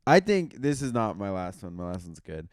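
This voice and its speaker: A man's voice: on the low side, sing-song, normal speed, dry recording, studio quality. A young man co-hosting a podcast, chatting casually in a laid-back, teasing way. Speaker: podcast co-host. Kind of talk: casual chat.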